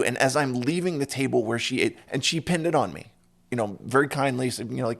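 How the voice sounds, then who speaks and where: Man, podcast host, gravelly voice, casual storytelling, mid-range pitch. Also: normal speed. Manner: tells stories with lively quoted voices. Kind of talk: casual conversation.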